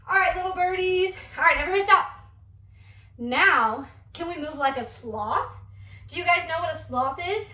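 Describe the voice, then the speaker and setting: A young woman dance teacher leading a children's movement class, coaxing and animated as she talks to young kids. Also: very high-pitched, moderate pace, recorded from a distance. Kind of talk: kids' movement class demonstration. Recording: echoey room, voice away from mic.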